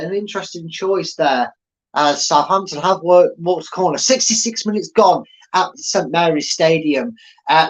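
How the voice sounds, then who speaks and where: A man's voice: fairly high pitch, muffled recording. A man hosting a fan channel, giving live watchalong commentary in a chatty, rambling way with many fillers and restarts.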